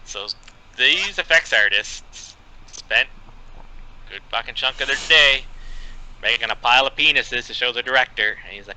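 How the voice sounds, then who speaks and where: A man co-hosting a film podcast, reading out his notes in a profane, deadpan way. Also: mid-range voice, normal speed, low-quality recording. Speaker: podcast co-host reviewing a film.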